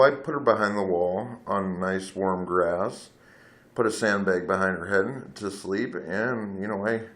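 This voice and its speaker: A man's voice: deep voice, a bit bright. A man telling a rambling personal story into his phone camera, candid and blunt, swearing freely and wandering off on tangents. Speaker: vlogger.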